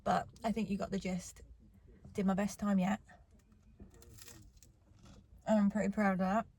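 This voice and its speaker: A woman's voice: mid-range voice, level tone, a little slow, a little mellow, slightly rough. A young woman chatting casually to her phone camera in a car park after a race, rambling and upbeat. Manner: chatty, rambling, cheerful self-talk. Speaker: vlogger. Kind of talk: casual vlog chat.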